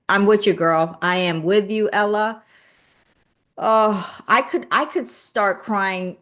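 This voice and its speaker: A woman hosting a live stream, talking casually and earnestly to her viewers, often repeating phrases for emphasis. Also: lowish voice.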